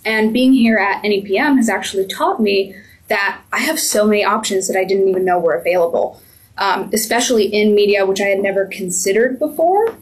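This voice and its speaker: A young adult woman, a media program intern, giving a casual spoken reflection with many pauses and ums. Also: medium pitch, rough recording. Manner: hesitant, with many ums and restarts.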